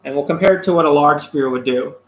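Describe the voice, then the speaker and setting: A man teaching a physics lesson, explaining a worked problem step by step with pauses and fillers. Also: on the high side, roomy sound, low-quality recording. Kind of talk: classroom lecture working through a problem.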